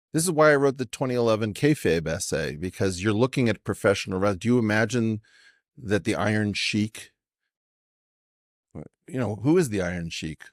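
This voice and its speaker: Man, podcast guest, assertive, professorial, lowish voice, dry close sound. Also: dry recording. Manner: assertive, professorial, challenging questions. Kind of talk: conversational podcast discussion.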